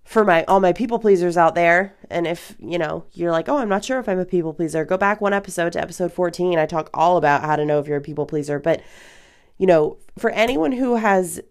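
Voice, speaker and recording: A woman in her thirties with a notably low voice talks straight to her podcast listeners. She is chatty and candid, with loose fillers and casual swearing. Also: brisk. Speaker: podcast host. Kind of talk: casual advice podcast monologue.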